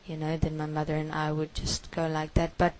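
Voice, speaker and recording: A woman giving a first-person spoken confession, halting and hushed, with many repetitions. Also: sits low, completely flat delivery, low-quality recording.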